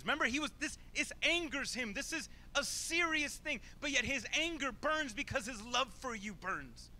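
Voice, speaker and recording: A man's voice: very high-pitched, sing-song, normal speed, sharp tone, slight background noise. A man preaching a sermon, emphatic and informal, asking rhetorical questions and repeating phrases for effect.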